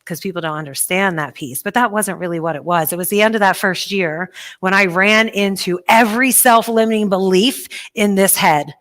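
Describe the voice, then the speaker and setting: A woman's voice: medium pitch, normal speed. A woman speaking at a conference, giving a motivational talk and telling her story with acted-out voices. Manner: animated storytelling, acts out voices. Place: conference hall.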